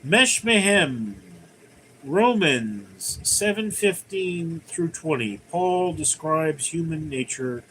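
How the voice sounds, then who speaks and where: A man's voice: on the high side, animated, slow, fairly bright tone, a little hiss or hum, poor audio. Chatty man hosting a livestream. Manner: conversational, rambling, reads comments aloud then answers. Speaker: livestream host. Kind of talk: casual live chat reading viewer comments.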